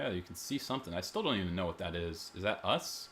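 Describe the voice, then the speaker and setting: A man's voice: low voice, animated, fast talker, noisy background. Nervous young man playing a horror game. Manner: nervous, rambling, talks to himself. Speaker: gaming YouTuber. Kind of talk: horror game let's play commentary. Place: home, in front of a big TV.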